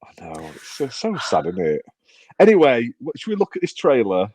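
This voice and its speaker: A man's voice: mid-range voice, huge pitch swings, normal speed, a little mellow. A man co-hosting a podcast in casual chat, rambling with restarts and self-deprecating jokes. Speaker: podcast co-host.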